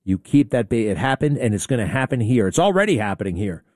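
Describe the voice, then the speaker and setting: Blunt, sarcastic New talk host. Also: male voice, mid-range voice, very animated, fast, a little mellow, no echo, studio quality. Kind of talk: opinionated talk radio monologue.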